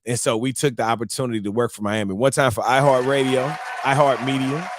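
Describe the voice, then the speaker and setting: A married man hosting a live-streamed morning show, telling a story to his viewers in a casual, animated, slang-filled way. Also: mid-range voice, brisk, some chatter behind, a little hiss or hum. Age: adult, married.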